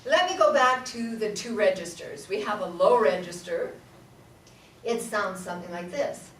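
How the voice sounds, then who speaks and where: A woman's voice: medium pitch, expressive, normal speed, fairly bright tone, far from the mic. A woman singing teacher leading a voice workshop for a live audience, playful, laughing often and demonstrating sung vowel sounds. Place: large room with an audience. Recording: roomy echo, voice from off-mic, audible room noise.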